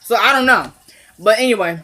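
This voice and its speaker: A woman's voice: fairly high pitch, fairly quick, sharp tone. A woman giving a chatty recap of a TV episode, talking straight to her viewers and acting out the lines of the scenes. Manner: chatty, addresses viewers directly, acts out dialogue. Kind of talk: casual recap vlog.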